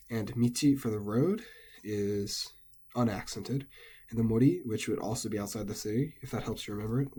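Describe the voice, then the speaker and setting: A man casually and methodically explaining Japanese pitch accent word by word as a language teacher. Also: warm tone, breathy edge.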